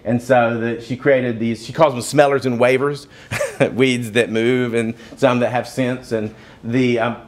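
A man's voice: mid-range voice, steady tone, measured pace. A man with a Southern US accent giving a casual slide lecture at a museum, talking conversationally with wry asides and fillers. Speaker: museum talk speaker.

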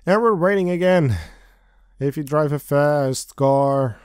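A young man hosting a let's play, chatting slowly and laughing to himself as he plays. His voice is a touch high and bounces with lively pitch. The close mic sounds dry. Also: smooth, no room sound. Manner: chatty, giggly, hums and sings snippets. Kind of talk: game commentary and text reading.

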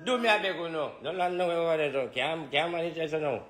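A man with a Jamaican accent, rambling and joking in a casual live talk, breaking into laughter and loud shouts. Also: fairly high pitch, fast talker, reverberant. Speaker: spiritual reader.

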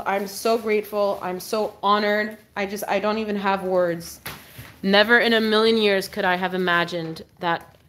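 A woman's voice: mid-range voice, fairly bright tone. A young woman hosting a live stream, cooing and chatting in a sing-song way to her dog and to viewers. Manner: cooing, sing-song talk to a pet, frequent laughs. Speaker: livestream host, dog owner.

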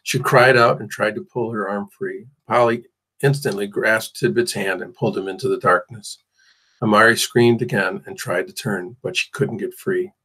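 Low husky male audiobook reader. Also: steady tone, normal speed, fairly bright tone, poor audio. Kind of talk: audiobook narration.

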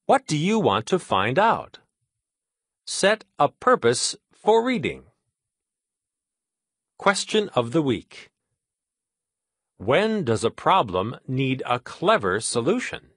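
A man's voice: a little high, sing-song, takes it slowly, long pauses, fairly bright tone, no room sound, studio quality. A man presenting a reading lesson in a scripted, instructive way.

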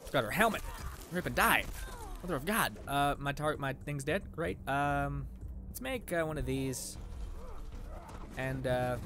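An excitable young man commenting on his gameplay, with a voice set a bit high for a man. He swears freely and shouts at the enemies on screen. A faint hiss of noise sits under the recording. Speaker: let's play gamer.

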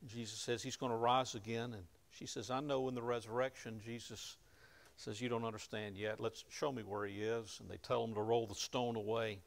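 A man preaching a sermon, retelling scripture in plain conversational words and rising to loud emphasis at key moments. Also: mid-range voice, level tone, normal speed, gravelly. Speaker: pastor.

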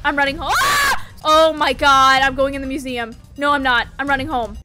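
A young adult woman giving casual gameplay commentary, excitable, pleading with and cursing at the game as she plays. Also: high voice, brisk, shouting, music in the background. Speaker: gaming YouTuber.

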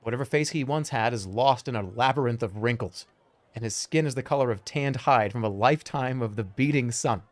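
A man's voice: medium pitch, fairly quick. A man streaming, reading a fantasy gamebook aloud with joking asides and laughter. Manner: animated, joking, laughs between lines.

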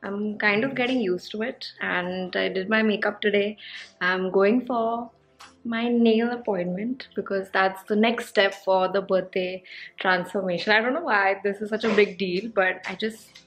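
A young woman in her twenties with an Indian English accent chats in a relaxed, rambling vlog. She speaks at a mid-range pitch, often pausing on fillers as she talks. Soft music plays faintly behind her. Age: 20s. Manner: chatty and rambling, with many fillers. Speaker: vlogger. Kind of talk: casual vlog chat.

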